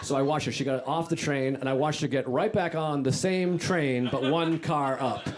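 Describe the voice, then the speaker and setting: Animated male stand-up comic, loud crowd. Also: moderate pace. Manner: animated, jumps high in pitch for punchlines. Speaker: stand-up comedian. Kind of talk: stand-up storytelling. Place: comedy club stage. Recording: live club recording with loud crowd noise. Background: audience laughter.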